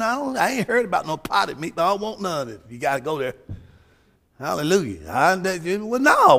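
A man preaching a fervent sermon, shouting his points and calling out hallelujahs. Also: high-pitched, big pitch swings, brisk, creaky.

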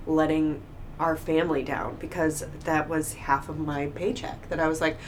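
A woman talking openly in a casual conversation, telling personal stories with lively acted-out quotes. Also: low voice, normal speed. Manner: open, animated storytelling with acted-out quotes. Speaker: guest. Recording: faint background noise.

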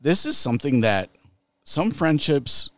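A middle-aged man co-hosting a podcast, talking slowly with many restarts and frequent laughter. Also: fairly high pitch, big pitch swings, dry recording. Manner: laughs often, slow and halting with restarts. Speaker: podcast co-host. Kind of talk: casual podcast chat.

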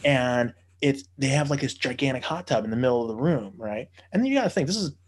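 A man's voice: mid-range voice, lively intonation, fast talker. A man telling a long story in casual podcast chat, profane and rambling with many fillers.

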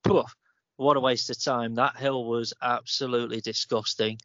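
A man's voice: mid-range voice, flat delivery, moderate pace, fairly bright tone, no echo. A man, chatting casually as a podcast co-host, rambling and laughing easily. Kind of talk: casual chat. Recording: dull, dry lo-fi sound.

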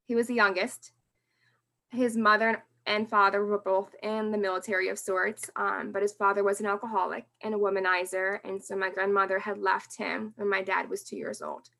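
A woman's voice: medium pitch, flat delivery, moderate pace, vocal fry, pushed and bright. A woman guest on a podcast telling candid, emotional memories of her late father, often laughing through hard moments. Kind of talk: personal storytelling in podcast interview.

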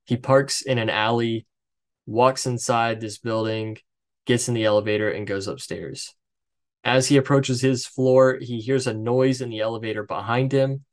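A man with a mid-range voice casually recapping a movie plot on a podcast, reading from his notes. He talks over a headset, loose and chatty, throwing in swears and quick jokes to his co-host. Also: mid-range voice, fairly even intonation.

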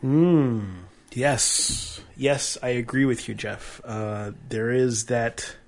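A man's voice: medium pitch, slow pace. A man co-hosting a podcast, chatting playfully about beer and chuckling often. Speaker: podcast co-host. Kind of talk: casual beer-tasting chat.

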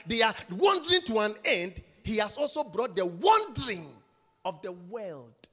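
Male preacher, high bright voice, slow deliberate delivery, emphatic and repetitive. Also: sing-song, breathy edge, long reverb tail, faint music behind. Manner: emphatic, repeats phrases, swings from shouts to hushed whispers. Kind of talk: sermon.

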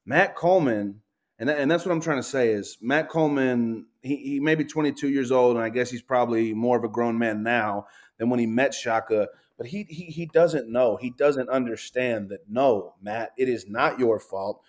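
A man ranting on a casual sports podcast, swearing and tripping over his words, saying he is high. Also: moderate pace. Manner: profane, ranting, stumbles and repeats words. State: says he is high. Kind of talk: heated casual sports talk.

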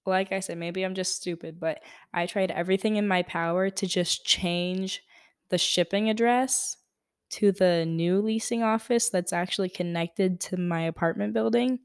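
Young woman podcasting, kinda low voice, smooth and dry, rambling annoyed story. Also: steady tone, normal speed, no echo. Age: young adult. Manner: chatty, exasperated, lots of "like". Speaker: podcast host. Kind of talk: casual storytelling monologue.

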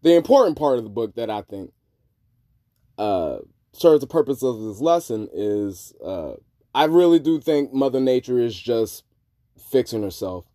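A man hosting a podcast, talking in a rambling, profane monologue that swings between low mutters and loud outbursts. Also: sing-song, a little slow, no echo, studio quality. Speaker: podcast host. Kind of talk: casual monologue.

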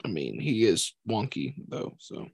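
Man, sports podcast co-host, gravelly voice, lively pitch, blunt and profane, dry sound. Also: unhurried. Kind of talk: casual sports chat.

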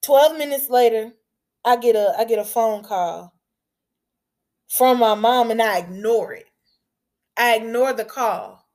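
A woman telling a personal story candidly, dropping to hushed pauses and breaking into raised outbursts. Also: fairly high pitch.

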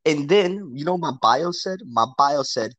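A man's voice: a little high, normal speed, dry recording. A man telling a crude story to a friend in casual chat, swearing constantly and laughing often. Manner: profane, animated, laughs often. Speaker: podcast co-host telling a story.

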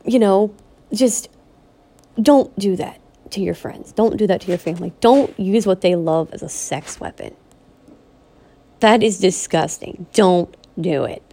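A woman's voice: mid-range voice, warm tone. Upset, pleading woman vlogger. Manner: pleading, repetitive and upset, with halting restarts. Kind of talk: emotional personal vlog rant.

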